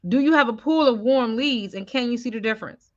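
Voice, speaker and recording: A woman's voice: fairly high pitch, brisk, highs cut off. A woman sales coach talking on a live stream, often stopping to ask viewers whether it makes sense. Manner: keeps checking in with viewers.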